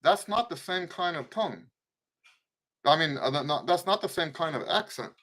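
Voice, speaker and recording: A man in middle age teaches trumpet live, explaining accents in a loose, restarting way. He sings short tonguing syllables as he goes. His speaking voice sits a little high for a man. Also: animated, normal speed, bright, forceful tone. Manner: talks through points loosely, with restarts and sung syllables. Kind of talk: casual spoken lesson with playing demonstrations.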